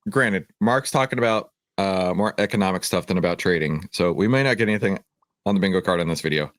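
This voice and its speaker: A man's voice: low voice, quick pace, a bit bright, dry recording. A man hosting a livestream, chatting upbeat with viewers in the chat. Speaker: host of a livestream, reacting to a video.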